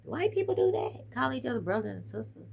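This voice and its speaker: Talking directly to viewers on a phone-recorded live stream, this chatty host says "y'all" and sounds very animated. Her high, creaky, darkish voice is strained from weather and heated talks, she talks fast, and there's slight background noise.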